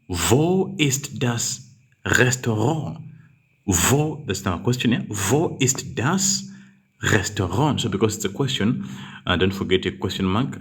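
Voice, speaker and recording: A man's voice: on the low side, slightly rough. A man tutoring a live German grammar class, patiently reading out students' example sentences and correcting them.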